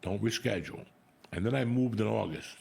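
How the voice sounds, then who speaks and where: Gravelly low-voiced middle-aged man cursing freely. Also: brisk. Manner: profane, blunt, animated storyteller. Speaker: comedian podcast host. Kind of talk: casual storytelling chat.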